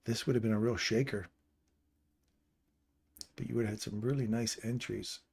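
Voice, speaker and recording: A man's voice: medium pitch, fairly even intonation, moderate pace, vocal fry, a little mellow, slightly rough. A man hosting a live trading stream, casually walking through chart levels and explaining entries as he points them out.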